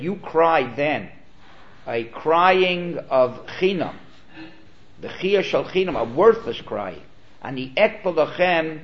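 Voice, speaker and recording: A man giving an earnest, explanatory Torah lecture as a rabbi, sprinkling in Hebrew terms. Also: mid-range voice. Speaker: rabbi teaching. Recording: dull, lo-fi recording.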